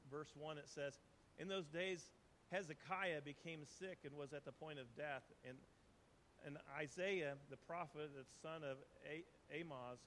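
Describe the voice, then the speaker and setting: A man's voice: fairly high pitch, a bit bright, slight background noise. A man preaching a sermon, reading scripture aloud with earnest, conversational asides. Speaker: pastor.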